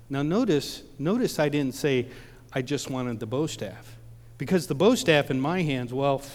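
A man's voice: mid-range voice, darkish tone. A preacher from Ohio telling a personal story in a sermon, acting out the voices of the people in it and often repeating his words. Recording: long reverb of a large hall.

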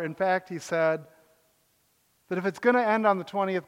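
A man's voice: sits high, moderate pace, long pauses, clean tone. An older man, a pastor, preaching a sermon in a joking, conversational way with asides. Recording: echoey hall reverb.

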